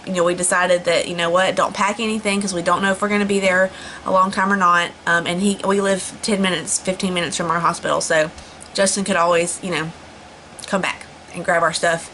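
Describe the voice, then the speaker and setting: A woman's voice: lowish voice, steady tone, a little fast, sharp tone, a little hiss or hum, rough recording. A young woman chatting casually to camera, rambling with lots of fillers and restarts. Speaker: vlogger. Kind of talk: casual storytelling vlog.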